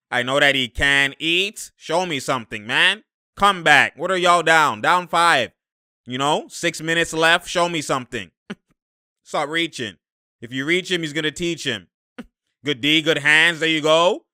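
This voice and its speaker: Excitable young man reacting to basketball. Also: fairly high pitch, clear, resonant tone, no room sound, studio quality. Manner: excitable, laughing often, slangy. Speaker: sports commentator reacting to game footage. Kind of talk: casual live game reaction.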